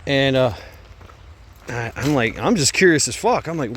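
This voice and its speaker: A man's voice: medium pitch, animated, normal speed, a bit bright, breathy edge. A man telling a casual story, rambling and swearing, with lots of fillers, restarts and frequent laughs. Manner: laughs often while telling.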